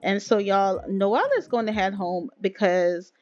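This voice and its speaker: A woman's voice: mid-range voice, a little slow, a little mellow, muffled recording. A young woman narrating a life-sim game in casual let's-play style, chatty and playful, laughing and talking straight to her viewers. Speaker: gaming video creator.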